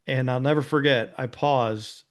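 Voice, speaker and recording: Unhurried and mid-range, the man's voice keeps a fairly even intonation. As an interview guest, this ex-police officer and nonprofit founder tells a personal story casually and earnestly, peppering it with "you know" and "right?".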